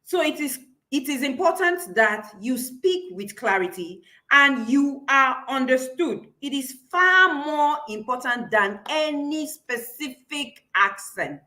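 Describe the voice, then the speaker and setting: A woman's voice: high-pitched, animated, slow, hardly any pauses, bright, forceful tone. A woman with a Nigerian accent teaching a live online public speaking class, encouraging listeners and repeating key points.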